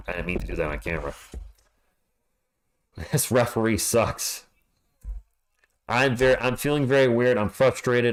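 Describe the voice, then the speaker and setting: This excitable fan streamer calls a live game by himself at home in a medium-pitched voice. He keeps up a running conversation with his chat and shouts at the team.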